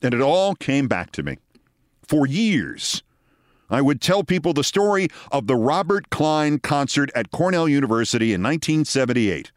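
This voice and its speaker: A man in his sixties, a host telling a long story in a wry, deliberate way. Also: a little high, big pitch swings, no echo, studio quality. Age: 60s. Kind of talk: storytelling monologue.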